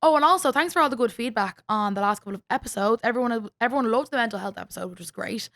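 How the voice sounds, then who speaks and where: A woman's voice: a little high, rapid-fire, fairly bright tone, no room sound. A young woman with an Irish accent, hosting a podcast and telling stories in a casual, chatty way. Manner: chatty storytelling with lots of fillers and swearing. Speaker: podcast host. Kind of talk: casual chat.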